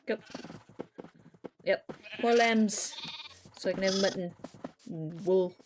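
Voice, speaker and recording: A young woman with a light lilt talks easily into a desk mic while she plays a game on stream, her pitch sitting in the middle. She chats casually, animated and a bit sweary. A faint hiss sits under the recording. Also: slow. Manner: chatty, animated storyteller, swears and laughs. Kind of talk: casual live-stream gameplay chat.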